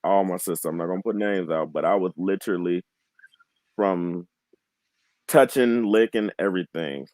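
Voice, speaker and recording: A man in his twenties speaking as a guest on a candid panel. He talks in an earnest, heartfelt way, often halting and restarting his sentences. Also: sits low, darkish tone, no echo, rough recording. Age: 20s. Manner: heartfelt, emotionally open.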